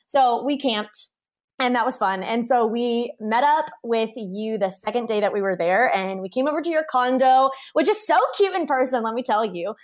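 A young woman, a wedding photographer guest on a podcast, telling a story in a bubbly casual way, laughing often and saying "like" a lot. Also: on the high side.

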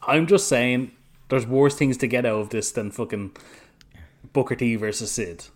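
A man's voice: mid-range voice, normal speed. A man co-hosting a casual podcast recap, laid-back, laughing often and restarting his sentences. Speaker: podcast co-host.

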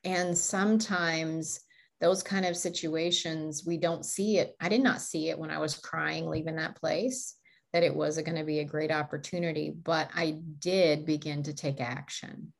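A woman's voice: deep voice, fairly even intonation, measured pace, gravelly. A woman co-hosting a motivational talk show, telling stories and laughing often. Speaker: podcast co-host.

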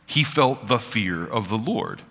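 Male pastor, bright forceful tone, chatty humor and slow emphatic scripture reading, long church reverb. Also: lowish voice, expressive. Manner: conversational and joking, slowing down for emphatic scripture reading. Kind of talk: sermon. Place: church sanctuary.

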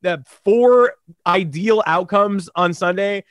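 A man co-hosting a sports podcast, hoarse and animated, talking in a sarcastic, rambling way. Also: high-pitched, slow pace, no echo. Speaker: podcast co-host. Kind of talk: casual sports podcast chat.

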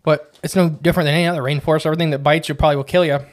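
A man with a fairly high voice co-hosts a laid-back podcast. He rambles along casually and fills his speech with "uh" and "like". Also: fairly even intonation, rapid-fire. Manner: chatty, rambling, frequent "uh" and "like". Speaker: podcast co-host.

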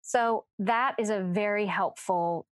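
A woman's voice: mid-range voice, slow, no room sound. Earnest woman coach on a podcast. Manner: earnest, reflective, frequent restarts. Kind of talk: reflective podcast conversation.

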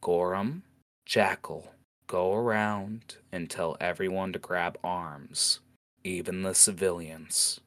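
A man's voice: fairly high pitch, big pitch swings, normal speed, fairly bright tone, voice pushed up. A man voicing a blunt, scolding female lieutenant in armor. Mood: quiet. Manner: scolding, commanding.

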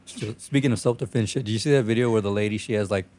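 A man's voice: lowish voice, fast talker, darkish tone, slight background noise. A young man in loose, profane casual chat with friends, laughing often.

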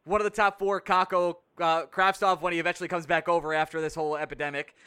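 A man's voice: fairly high pitch, little pitch movement, quick pace, sharp tone, clean tone. A man hosting a sports podcast, giving confident, analytical takes with easy laughs. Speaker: podcast host. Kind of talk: casual sports chat.

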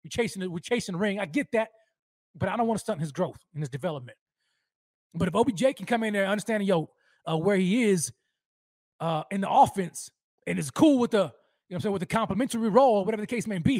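Hyped, high-voiced man hosting a fan show. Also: animated, fast, a little mellow, dry recording, clean studio sound. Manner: hyped, rambling, repeats himself; slangy street talk. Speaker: sports show host. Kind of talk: live-streamed fan talk show.

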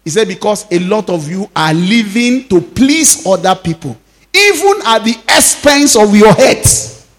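A Nigerian pastor in his fifties preaching a sermon as an animated storyteller, laughing often and dropping Yoruba phrases into his English. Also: sits high, a little slow. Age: 50s.

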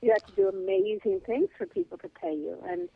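A woman guest telling a lively comedy anecdote over the phone, full of fillers. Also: mid-range voice, a little fast, creaky, husky, no echo. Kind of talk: casual storytelling on a call-in show. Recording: tinny phone line, dry.

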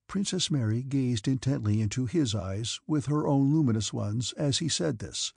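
Male audiobook narrator, gravelly, husky, calm measured reading, dry close sound. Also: medium pitch, dry recording. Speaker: audiobook reader. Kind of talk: audiobook narration of a classic novel.

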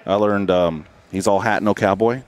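A man's voice: lowish voice, moderate pace. Man, podcast host, rambling, joking, headset mic, racetrack stands. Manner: rambling, joking, many restarts and filler words. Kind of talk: casual live podcast chat. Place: racetrack grandstand overlooking the pit.

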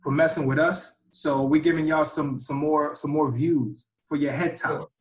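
A man co-hosting a podcast in casual chat, loud and teasing, talking over a video call. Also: a little high, fairly even intonation, moderate pace, roomy sound, poor audio. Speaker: podcast co-host.

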